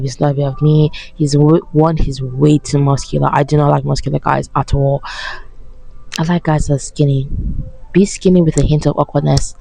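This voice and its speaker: A woman's voice: sits low, vocal fry, mellow, poor audio. A young woman ranting sarcastically about a reality show, swearing as she talks and sounding tired. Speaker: vlogger reacting to a reality show. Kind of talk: casual reaction rant.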